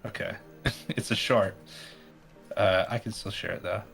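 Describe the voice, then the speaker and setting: A man co-hosting a live stream in easygoing chat. His voice is low but bright and forward in tone. He talks hesitantly and often starts his sentences over. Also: fairly even intonation, unhurried, creaky, soft background music. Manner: hesitant, full of restarts, laughing easily. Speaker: guest co-host.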